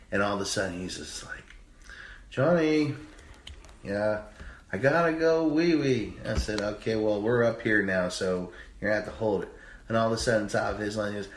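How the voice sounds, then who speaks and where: A man in his thirties telling a long story in casual chat, rambling and profane, with sudden high-pitched bursts when he mimics others. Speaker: podcast co-host. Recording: echoey room with faint noise.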